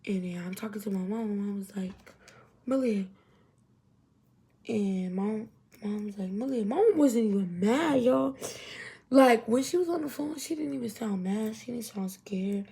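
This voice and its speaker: A young adult woman telling a storytime to her viewers in an animated, chatty way. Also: mid-range voice, normal speed, creaky, breathy edge. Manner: animated, chatty, heavy use of 'literally' and 'y'all'. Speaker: vlogger. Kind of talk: casual storytime.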